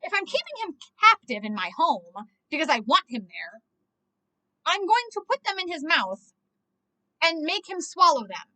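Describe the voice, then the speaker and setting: Young woman, high voice, casual movie reaction chat, rambling, lots of "like" and cursing. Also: big pitch swings, normal speed, bright, forceful tone. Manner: rambling, heavy use of "like", frequent swearing.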